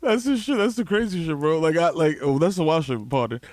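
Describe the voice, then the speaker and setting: A New man with a slightly raised pitch, tossing out slangy jokes and laughing often between lines. He sounds relaxed and conversational. The recording is close and dry. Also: a little fast, no room sound. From the Bronx, New York. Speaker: podcast co-host. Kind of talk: casual comedic banter. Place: home.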